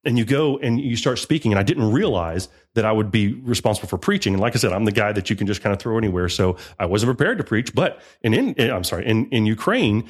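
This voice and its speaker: A man with a husky voice talks at a quick clip, recounting his mission work as an interview guest. He piles up emphatic repetitions and often restarts his sentences. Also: on the low side, animated. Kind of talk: conversational interview testimony.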